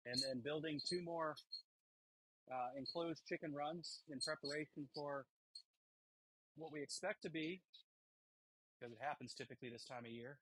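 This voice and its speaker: A man hosting a live stream from his smithy, chatting casually and rambling with pauses and fillers while he works on a blade. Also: a little high, bright, forceful tone, slight background noise, rough recording. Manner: rambling, thinking aloud between tasks, halting with fillers. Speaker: blacksmith livestream host. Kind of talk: casual chat while forging. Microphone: wireless transmitter mic.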